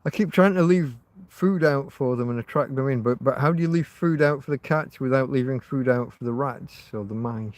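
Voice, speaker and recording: A man's voice: medium pitch, moderate pace, hardly any pauses, a little mellow, dry recording. A man hosting a casual livestream, rambling and chatting to his viewers with frequent restarts. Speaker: livestream host.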